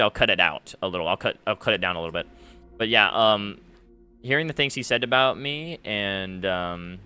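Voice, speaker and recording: A gaming YouTuber speaks to camera from his face cam setup, ranting to viewers about an argument in an aggrieved way, with lots of fillers. His voice is lowish, sharp and clean.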